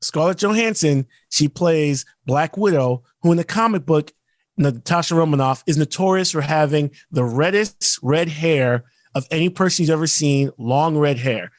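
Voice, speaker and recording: A man co-hosting a podcast, ranting in casual chat and mimicking actors in quick asides. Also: a little high, dry recording, studio quality. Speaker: podcast co-host.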